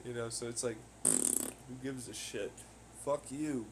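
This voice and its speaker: A man's voice: medium pitch, fairly even intonation, unhurried, creaky, a little mellow, a little hiss or hum. A young man rambling casually on his own podcast, cursing heavily as he rants. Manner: heavy swearing, ranting. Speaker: podcast host. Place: home on laundry day.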